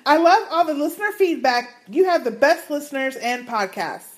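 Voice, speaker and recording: A woman's voice: high voice, animated, normal speed. A woman co-hosting a casual podcast, reading listener emails aloud and adding her own comments. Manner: reads emails aloud with asides and laughs.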